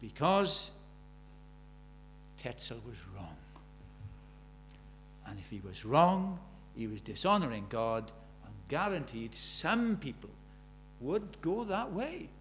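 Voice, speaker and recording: A man's voice: mid-range voice, very animated, takes it slowly, long pauses, a bit bright, soft background music. A man in his seventies preaching a sermon, pressing his congregation with earnest rhetorical questions. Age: 70s. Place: church.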